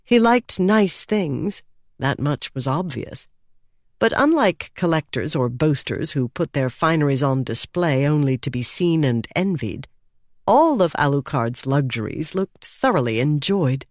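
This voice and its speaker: An audiobook narrator reading a fantasy novel in a measured, expressive way. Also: mid-range voice, dry recording, clean studio sound. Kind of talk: scripted narration.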